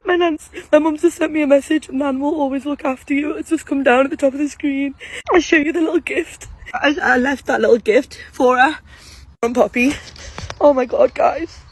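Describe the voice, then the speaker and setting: A woman's voice: high voice, normal speed, no echo, rough recording. A woman filming herself on a phone outdoors at a graveside, crying and shaking as she tells viewers what just happened. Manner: breathless, tearful, talks straight to viewers. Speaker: vlogger. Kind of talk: emotional vlog to camera. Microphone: phone camera.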